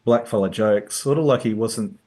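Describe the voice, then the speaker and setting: A man's voice: on the low side, normal speed, darkish tone. A man, co-hosting a podcast in casual, thoughtful chat, laughing often. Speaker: podcast co-host.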